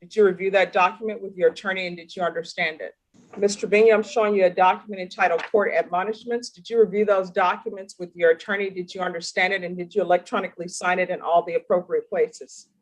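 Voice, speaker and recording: A woman's voice: on the low side, fairly even intonation, quick pace, poor audio. A woman judge conducting a formal court hearing over video, firm and corrective in manner.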